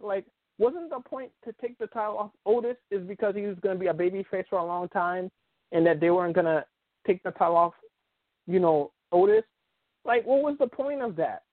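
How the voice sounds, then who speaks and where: This casual sports show host has a high voice and comes through a phone call, the recording tinny and dry. He rambles, often restarting and filling gaps.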